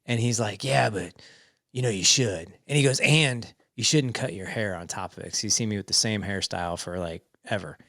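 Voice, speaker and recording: Man in his 40s, podcast guest, lowish voice, dry close recording, chatty storyteller. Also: normal speed, no echo. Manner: animated, quotes family dialogue in stories. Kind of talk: casual storytelling chat.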